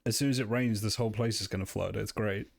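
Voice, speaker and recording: Low-voiced male streamer muttering through a game. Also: fairly even intonation, brisk, vocal fry, no echo. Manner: casual, muttering to himself, swearing, laughing often. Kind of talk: live game stream commentary.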